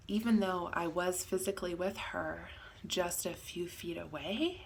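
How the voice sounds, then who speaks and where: A woman telling a personal story in a reflective, halting way, often dropping into soft whispered asides. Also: fairly low pitch, vocal fry, a little hiss or hum. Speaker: podcast host.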